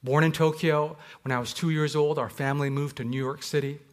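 A Canadian man gives a sermon as a pastor, weaving in stories from his own life. His voice sits a little high for a man, and he speaks reflectively, drawing out the words that matter most. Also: fairly even intonation. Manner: reflective, slows down on key words. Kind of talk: sermon with personal storytelling.

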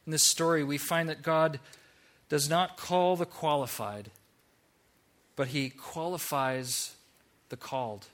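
Animated bright-voiced male preacher. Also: fairly high pitch, takes it slowly, long pauses. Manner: animated, acts out playful mock voices. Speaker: pastor. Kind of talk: sermon.

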